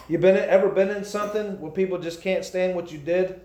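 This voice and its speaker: A man preaching a sermon, building into shouted emphasis. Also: sits high, fairly even intonation, fairly quick. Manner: impassioned, rising to shouts. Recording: echoey church room.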